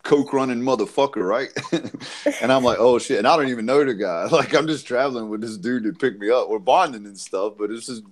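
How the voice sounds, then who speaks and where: A man's voice: mid-range voice, brisk. A man telling a crude, laugh-filled story on a casual panel show, swearing freely. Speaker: podcast panelist.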